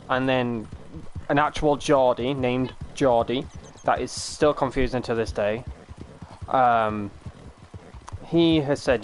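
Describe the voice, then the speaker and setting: A man's voice: mid-range voice, a little hiss or hum, rough recording. A British man from the UK chatting casually on a live stream, rambling, swearing and laughing easily.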